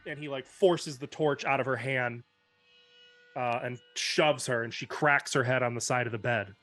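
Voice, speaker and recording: A male game master narrates a grim tabletop scene in measured, descriptive tones. His voice sits at a middle pitch. Faint music plays underneath. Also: steady tone, fairly bright tone.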